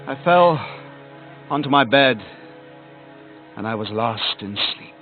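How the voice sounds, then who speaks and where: A man narrating a storybook on cassette, dramatic, sinking to a hush at the quiet moments. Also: mid-range voice, lively intonation, slow pace. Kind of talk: cassette audiobook reading. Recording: tinny lo-fi cassette with music.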